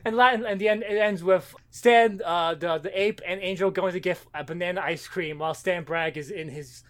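Man, high voice, quick talker, animated casual retelling. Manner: animated, acts out quotes, swears. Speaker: podcast co-host. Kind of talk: casual chat, retelling a comic.

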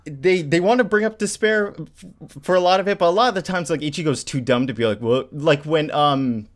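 A man's voice: on the high side, brisk. A man co-hosting a casual podcast, enthusiastically recapping a manga with many fillers and acted-out lines. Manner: enthusiastic, lots of "like" fillers, acts out characters' lines. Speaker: podcast co-host.

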